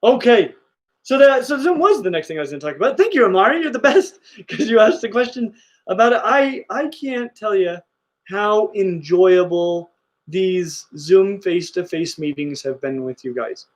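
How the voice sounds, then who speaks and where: A man's voice: high voice, expressive, normal speed. A middle-aged man hosting a casual reptile livestream, gushing enthusiastically about his animals. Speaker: reptile channel host.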